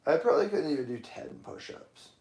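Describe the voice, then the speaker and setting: A man's voice: on the high side, lively intonation, a little fast, a little mellow, slightly rough. A man hosting a livestream of his knife-making shop, chatting easygoing and joking with viewers as he answers their comments. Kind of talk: casual live chat answering viewer comments.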